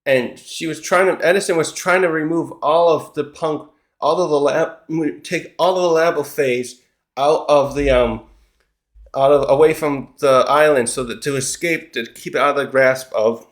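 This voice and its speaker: This man's voice sits a bit high and moves at an ordinary pace. Reviewing a manga chapter, he gives a loose recap that wanders and keeps circling back to fix what he just said.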